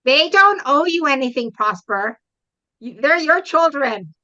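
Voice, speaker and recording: Middle-aged woman, parent coach guest; bright, firm tone, earnest explainer, slightly muffled lo-fi sound. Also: high-pitched, animated, measured pace. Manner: earnest, explains with frequent check-in questions. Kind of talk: interview guest.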